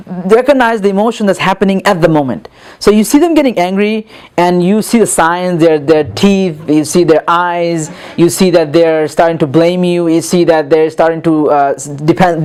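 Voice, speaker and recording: A middle-aged man teaching a lesson on calming angry people, earnest, repeating words and restarting sentences, with many fillers. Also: sits high. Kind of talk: lecture on calming anger.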